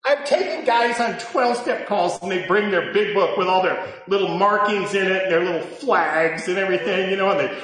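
A man in his sixties sharing his personal story with a live audience at a recovery meeting, animated and swinging between loud and hushed. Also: high voice, fairly quick, hardly any pauses. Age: 60s. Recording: echoey hall recording.

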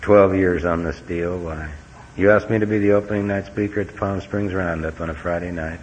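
A man's voice: sits low, fairly even intonation, a little fast. A middle-aged man giving a folksy, earnest personal talk as a recovery meeting speaker, with wry humor. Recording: dull lo-fi recording with faint hiss.

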